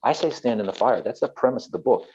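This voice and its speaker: A man's voice: medium pitch, animated, fast talker, dark tone, breathy edge, muffled recording. A man, a therapist and author, talking earnestly and passionately as an interview guest, often repeating himself.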